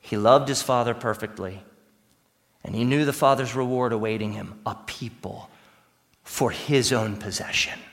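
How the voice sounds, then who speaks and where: A male pastor preaching a sermon, swinging between hushed lines and emphatic ones. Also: medium pitch, moderate pace, vocal fry, big-room sound. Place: church sanctuary.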